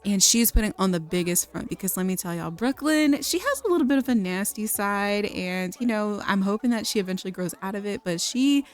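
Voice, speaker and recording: A woman's voice: medium pitch, expressive, brisk, few pauses. A woman hosting a video, chatting her way through a life-simulation game with giggly asides and apologies to her viewers. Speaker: gaming video host. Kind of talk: casual let's play narration.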